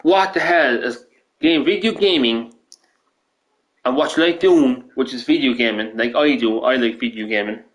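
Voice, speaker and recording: A man's voice: medium pitch, normal speed, fairly bright tone, low-quality recording. An Irish man streaming games and ranting casually, rambling, swearing often and restarting his sentences. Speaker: gaming streamer.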